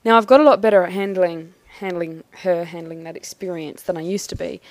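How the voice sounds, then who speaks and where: A woman talking through a personal experience in a thoughtful, halting, measured way. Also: lowish voice, fairly even intonation, no room sound. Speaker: vlogger. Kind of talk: personal reflective monologue.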